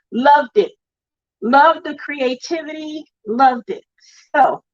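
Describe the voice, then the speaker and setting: A woman's voice: high-pitched, slow, dry recording, highs cut off. A middle-aged woman hosting a crafting livestream, telling a heartfelt family story in a chatty, emotional way. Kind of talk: casual chat reading viewer comments.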